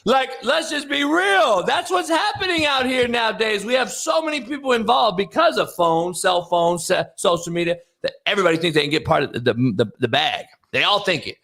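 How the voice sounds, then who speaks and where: A man hosting a talk show who argues in a casual, profane rant, rising into loud outbursts as he makes his points. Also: high-pitched, normal speed, gravelly. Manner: animated, profane ranting with sudden loud outbursts. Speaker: show host, former coach.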